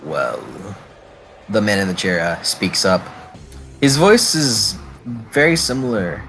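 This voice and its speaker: A man with a low, lively voice narrates a tabletop role-play game as the game master. He describes each scene at length, leaning on fillers and correcting himself as he goes. Faint music plays underneath. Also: low-quality recording.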